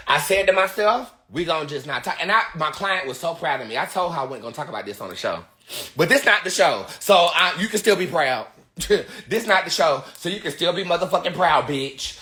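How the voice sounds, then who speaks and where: Woman tarot reader, blunt livestream rant, lively swooping pitch, bright tone. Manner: blunt, cussing, emphatic.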